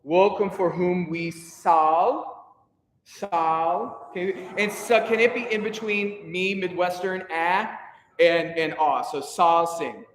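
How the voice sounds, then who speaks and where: A man leading a choir rehearsal as conductor, energetic and encouraging, counting the singers in. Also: sits high, takes it slowly, slight background noise. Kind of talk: rehearsal instruction. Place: rehearsal room with a piano. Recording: echoey hall with piano.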